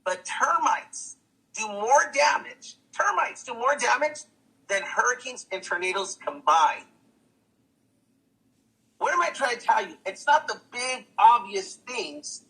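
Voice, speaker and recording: A man's voice: very high-pitched, big pitch swings, unhurried, gravelly, bright, forceful tone, slightly rough, poor audio. A man giving a motivational sales testimonial, hyped and repetitive, who keeps calling out "guys" and "guess what.". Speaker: testimonial speaker.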